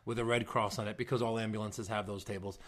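A man co-hosting a podcast, chatting in an animated, opinionated and jokey way about a wrestling show. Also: on the low side, quick pace. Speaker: podcast co-host. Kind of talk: casual wrestling recap chat.

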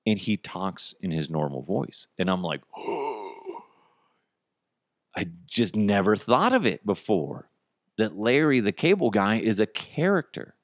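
A low-voiced man chatting on his comedy podcast. His pitch swings up and down in lively bursts as he rambles from one aside to the next. The sound is close and dry. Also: dry recording. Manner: rambling, animated storytelling with quick asides. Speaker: podcast host. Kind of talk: casual comedic chat.

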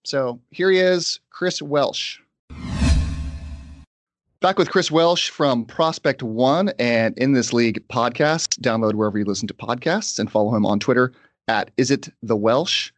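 A man's voice: medium pitch, no echo. Man, podcast host, casual sports talk, dry close sound. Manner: conversational, quick asides.

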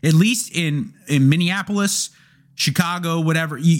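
A man's voice: fairly high pitch, moderate pace. A young man hosting a casual question-and-answer chat, candid and joking, swearing freely as he reads and answers viewer questions. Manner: candid, profane, animated and joking.

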